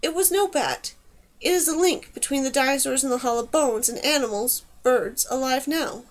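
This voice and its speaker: A woman's voice: high-pitched, moderate pace, close to an everyday voice. A woman voicing a learned male mage in an audiobook, explaining patiently like a lecturer. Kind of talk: audiobook character voice.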